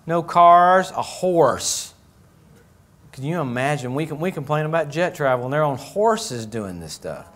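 A man preaches to his congregation in an animated, joking way, breaking into little acted voices along the way. His voice sits a bit higher than most men's. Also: moderate pace. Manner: animated, jokey, acts out voices. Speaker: pastor. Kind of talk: sermon. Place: church.

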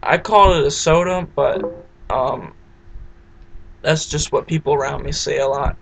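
Young Southeastern Virginia man, gravelly voice. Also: on the high side, a little slow, slight background noise, low-quality recording. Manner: relaxed, many fillers like um. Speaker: vlogger answering an accent questionnaire. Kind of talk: casual reading and answering questions.

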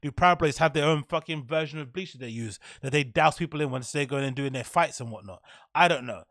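A man's voice: on the high side, fairly quick, a bit bright, dry recording, studio quality. A man hosting a solo podcast, ranting sardonically about celebrity news with mocking laughs. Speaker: podcast host. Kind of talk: solo commentary on news and gossip.

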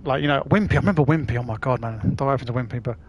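A man's voice: medium pitch, very fast, dull audio. A man chatting casually on a live stream while playing, laughing often and swearing freely.

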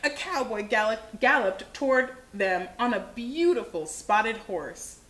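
A woman hosting a children's livestream, reading a picture book aloud with animated expression. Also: on the high side, unhurried. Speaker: children's show host. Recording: echoey room.

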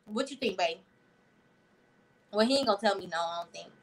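A woman hosting a casual livestream, talking in an effusive, slangy and animated way while answering her viewers' comments. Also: mid-range voice, a little fast, poor audio. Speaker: livestream host. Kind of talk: casual live-stream chat with viewers.

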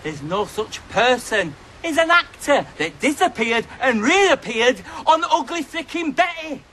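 A man's voice: extremely high pitch, big pitch swings, measured pace, sharp tone, full character voice. An actor playing a brash, boastful and crude young man in a comedy sketch, full of cheeky insults. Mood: ranting. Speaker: comic character.

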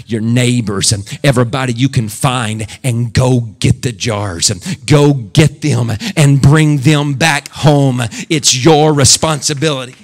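A pastor preaching a sermon who swings between loud, high shouted lines and hushed, quiet ones, at times mock-praying in a put-on preacher's voice. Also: male voice, a little slow, hardly any pauses.

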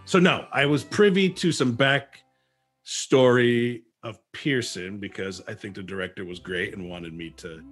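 An actor appearing as a guest on an interview show chats casually, spinning animated stories and often restarting mid-thought. His voice is lowish, his pace moderate, with soft music playing in the background.

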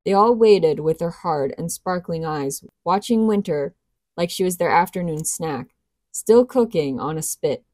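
Woman reading a novel aloud, lowish voice, dry close sound. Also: animated, unhurried, a little mellow, no room sound. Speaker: audiobook reader. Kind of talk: storybook narration.

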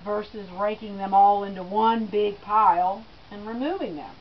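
A middle-aged woman speaks at a memorial, telling family stories and laughing softly. Her voice has an everyday middle pitch. The recording is dull and lo-fi, with a faint hiss. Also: normal speed. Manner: storytelling with gentle laughs. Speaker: daughter giving a eulogy. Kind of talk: personal eulogy speech.

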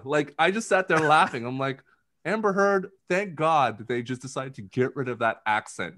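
A man's voice: a little high, pushed and bright. A man co-hosting a podcast, talking through a movie review in casual chat, rambling and full of filler words. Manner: rambling, heavy on filler words, jumps into quick impressions. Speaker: podcast co-host.

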